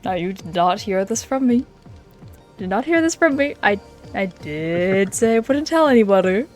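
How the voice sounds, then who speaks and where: A woman voices a mischievous woman with glowing blood who spills secrets with glee. Her pitch leaps all over as she tells the story, and faint music plays behind her. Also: moderate pace, lightly acted. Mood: gossipy. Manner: animated, gossipy, playful storyteller. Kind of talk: in-character roleplay storytelling.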